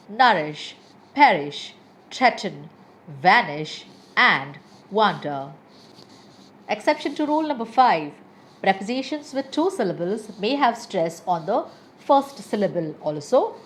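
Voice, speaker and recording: Woman English teacher, unhurried, pitch swinging widely, careful word-by-word delivery. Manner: deliberate, reads word lists with careful stress. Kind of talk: scripted pronunciation lesson.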